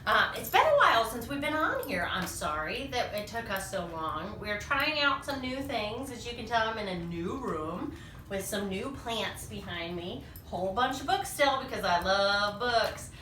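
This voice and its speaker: A woman reading a picture book aloud to young children, animated and full of sing-song questions, in a small echoey room. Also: medium pitch, moderate pace, distant mic, a little hiss or hum. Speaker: children's storyteller.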